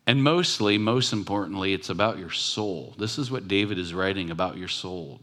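A man with a fairly low voice preaches a sermon. He talks in a relaxed, conversational way, but leans hard on key phrases and repeats them for emphasis. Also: normal speed. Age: adult with children. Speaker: pastor.

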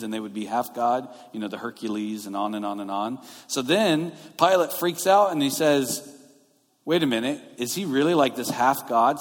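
Male pastor, conversational sermon delivery, mid-range voice, large echoing church sanctuary. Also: medium pitch. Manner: conversational, explaining scripture verse by verse. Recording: long reverb of a large hall.

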